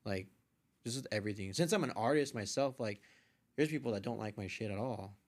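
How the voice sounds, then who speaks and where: A young man, a podcast guest, casually telling a story with lively quoted voices and frequent swearing. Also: lowish voice, a little fast. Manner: animated retelling, acts out quoted voices, swears freely. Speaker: podcast guest, artist and photographer.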